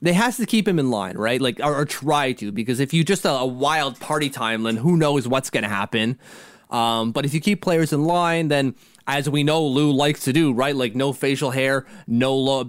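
A man's voice: medium pitch, dry recording, clean studio sound. Chatty man on a sports podcast. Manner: rambling, frequent restarts and laughs. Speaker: podcast co-host. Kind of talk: casual sports chat.

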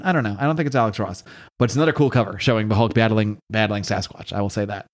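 Rapid-fire and on the low side, a man recaps a comic book as he casually reads through it. He rambles, cracks jokes, and corrects himself along the way.

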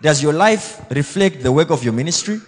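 A man pastor preaching a blunt, self-assured sermon, swinging between loud exhortation and quiet asides. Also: on the high side, lively intonation, fairly quick, slightly rough, in a large hall. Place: church hall.

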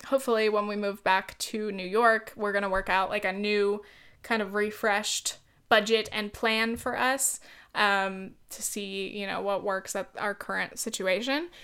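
A woman's voice: medium pitch, fairly bright tone, smooth. A young woman in casual chat as a YouTuber, rambling and filler-heavy, with many ums and likes.

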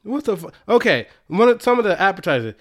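A man's voice: sits high, very animated, fast. A young man co-hosting a podcast in casual chat, laughing often and poking fun at himself. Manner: laughs often, self-deprecating, spells out words. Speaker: podcast co-host.

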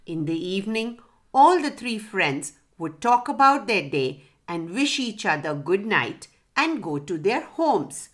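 A woman narrating a children's story slowly and expressively, pausing to ask the children questions. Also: medium pitch, sing-song.

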